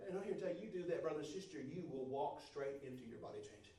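A man preaching a sermon to a congregation, moving from quiet, steady talk to loud, fervent shouting. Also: on the high side, fast, few pauses, far from the mic. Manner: builds from soft to shouting fervor. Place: church service. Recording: roomy church sound from off-mic. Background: congregation responses.

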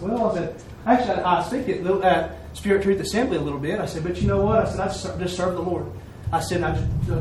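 A man's voice: sits high, slight background noise. A man giving a folksy sermon testimony at a church service, telling a story and acting out the quoted dialogue. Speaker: lay preacher. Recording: echoey room, mic far off.

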